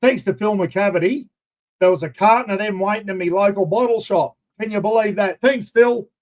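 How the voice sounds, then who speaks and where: A man with an Australian accent hosting a casual charity live stream, rambling through matey shout-outs to viewers. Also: sits high, a little fast.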